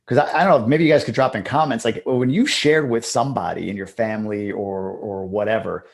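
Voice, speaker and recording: A man's voice: fairly low pitch, a little fast, creaky. A man hosting a casual interview, talking in a loose, rambling way with frequent restarts. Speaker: host.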